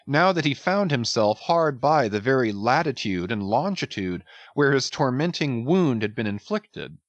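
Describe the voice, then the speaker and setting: A man narrating a novel in a measured, formal way. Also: medium pitch, very animated, no echo, highs cut off. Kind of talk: audiobook narration.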